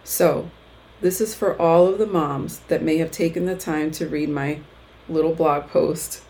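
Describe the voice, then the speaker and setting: A woman's voice: low voice, fairly even intonation, a little slow, mellow, poor audio. A woman hosting a podcast for mothers, reading her own blog post aloud and then chatting casually, heartfelt and encouraging, at times close to tears. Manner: heartfelt, encouraging, gets emotional. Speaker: podcast host.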